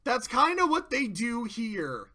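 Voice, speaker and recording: Young adult commentator, profane and excitable; slow delivery, bright tone. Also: medium pitch. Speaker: video reviewer. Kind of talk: casual spoken commentary.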